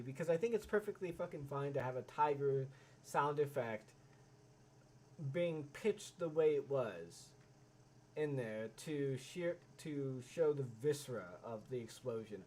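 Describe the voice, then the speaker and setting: A man's voice: a little high, a little mellow. A man giving live reaction commentary, ranting and swearing with many stammering restarts. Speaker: reaction streamer.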